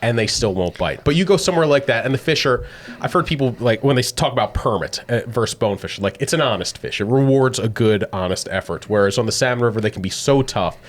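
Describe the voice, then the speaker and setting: A man in casual podcast chat, talking excitedly, saying "dude" often and acting out what others said. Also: mid-range voice, fast.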